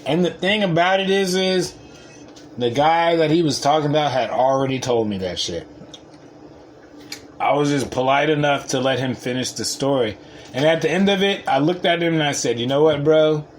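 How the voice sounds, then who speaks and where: A man telling a story in a casual, profane way, laughing often and swinging from mumbled asides to loud boasts. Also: on the high side, moderate pace, a little hiss or hum.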